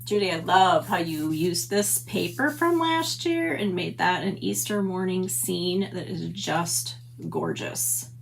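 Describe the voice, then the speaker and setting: A woman's voice: fairly low pitch, big pitch swings, slow pace, creaky, hardly any pauses, a little hiss or hum. A middle-aged woman hosting a papercraft livestream, chatty and gushing as she greets viewers by name. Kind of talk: casual livestream chat. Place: home stamp room.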